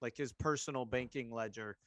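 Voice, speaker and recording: A man's voice: medium pitch, fairly quick, fairly bright tone. A man running a tabletop game as game master, narrating with stumbling repeated words.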